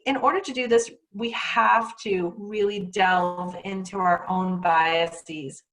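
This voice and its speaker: A woman presenting a teacher training session, talking earnestly and animatedly with frequent rhetorical questions. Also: medium pitch. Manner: earnest, animated, acts out quoted dialogue. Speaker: workshop presenter.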